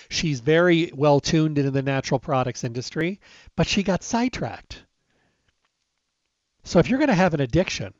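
A middle-aged man with a somewhat high voice talks straight into a close mic, casual and emphatic, slipping into the back-and-forth of remembered conversations. The sound is bone-dry and a little dull, like a lo-fi recording. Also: no room sound. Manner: emphatic, conversational, acts out quoted dialogue. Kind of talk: casual storytelling monologue.

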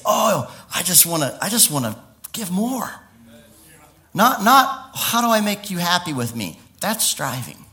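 Animated bright-voiced male preacher. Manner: animated, laughing, with sudden high exclamations and quiet stretches. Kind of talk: lively sermon.

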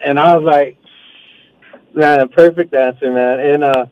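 A caller to a sports radio show tells a story casually, acting out the voices. His fairly high voice is steady, unhurried, clear and resonant, and the dry recording has a dull phone-line sound.

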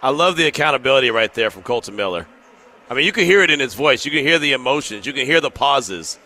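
A man's voice: mid-range voice, lively intonation, quick pace, bright, forceful tone. A man hosting a sports talk show, giving earnest commentary and reading out listener texts. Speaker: sports radio host.

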